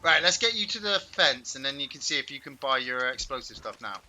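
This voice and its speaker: A man hosting a game stream, giving excitable, shouty commentary with playful trash talk. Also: mid-range voice, fairly quick, slight background noise. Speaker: gaming host. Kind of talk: live gameplay commentary.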